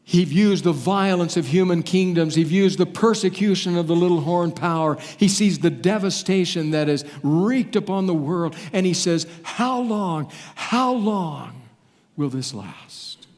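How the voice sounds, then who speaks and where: A man preaching a sermon with a somewhat high voice. He leans on long dramatic pauses and lets his phrases sink at the end. His words ring out with the long reverb of a large hall. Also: a little mellow. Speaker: pastor.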